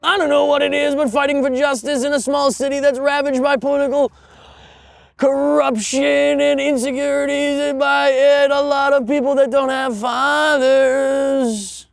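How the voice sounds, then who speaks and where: A man putting on an overblown, drawn-out announcer voice, saluting someone in mock grandeur as a parody. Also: medium pitch, expressive, no echo, clean studio sound, lightly acted. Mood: mock-heroic.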